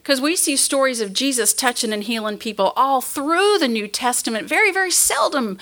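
A woman's voice: high voice, lively intonation, moderate pace, fairly bright tone. A middle-aged woman preaching a sermon in an earnest storytelling way, acting out the voices she quotes.

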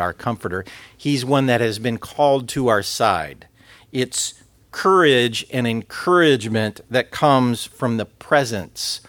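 A man's voice: medium pitch, a bit bright, no room sound. Male preacher, conversational sermon delivery, medium voice, dead-dry room. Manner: earnest, conversational preaching with scripture quotes.

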